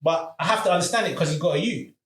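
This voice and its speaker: Fast-talking high-voiced man. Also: reverberant. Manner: animated, slang-heavy, acts out the people in his story. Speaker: podcast host. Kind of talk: casual storytelling chat.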